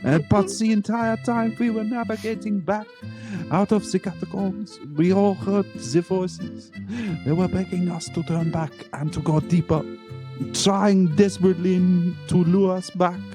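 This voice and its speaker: A man voicing a frightened young French woman, with a put-on French accent and a halting delivery. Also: high voice, steady tone, over music, pitched above the performer's own voice. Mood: panicked. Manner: halting, breaks into laughter.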